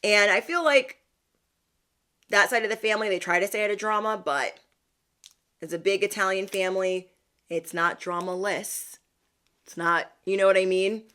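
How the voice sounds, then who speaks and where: Woman vlogger, casual storytelling, mid-pitched, chatty and animated, slangy. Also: moderate pace, long pauses. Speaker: spiritual vlogger.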